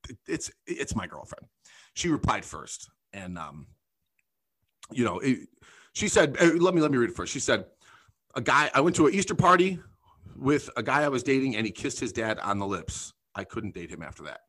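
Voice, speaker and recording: A man's voice: mid-range voice, very animated, moderate pace, fairly bright tone, husky. A man hosting a comedic podcast, talking loosely and profanely, laughing often as he reads listener messages and tells stories. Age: adult. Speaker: podcast host. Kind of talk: casual comedic chat.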